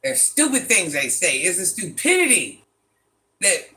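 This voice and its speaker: A man, chatting casually on a livestream, animated and exasperated, firing off rhetorical questions and laughing often. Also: high-pitched, a little slow. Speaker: livestream host reading chat.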